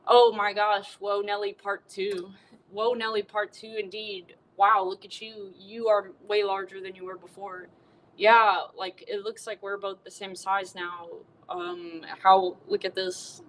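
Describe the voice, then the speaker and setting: A woman's voice: medium pitch, little pitch movement, a little slow, a little hiss or hum, close to an everyday voice, rough recording. A woman voicing an earnest, polite male cowboy who uses folksy exclamations.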